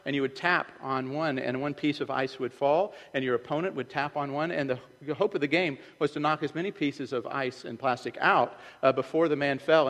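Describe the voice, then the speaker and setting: A man's voice: medium pitch, a bit bright, big-room sound, low-quality recording. A man preaching a sermon as pastor, in a loose conversational way that acts out the voices he quotes. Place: church sanctuary.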